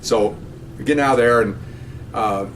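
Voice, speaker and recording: A man's voice: mid-range voice, normal speed, recorded from a distance, slight background noise. An older man, a retired police officer, casually telling a story to camera and acting out the voices of the people in it. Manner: animated, acts out voices in quotes.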